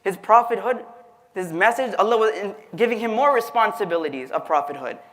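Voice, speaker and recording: A man's voice: sits high, animated, a little fast, a bit bright. A man giving a conversational, storytelling religious lecture, speaking directly to his audience. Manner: conversational, addresses the audience directly, acts out quotes. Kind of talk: storytelling sermon.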